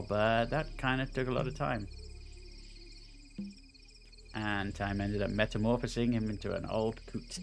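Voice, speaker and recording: A man's voice: mid-range voice, a little hiss or hum. A man, a game developer, chatting casually on a stream and reading a game's story aloud with playful asides. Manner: rambling with fillers, playful asides. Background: game music.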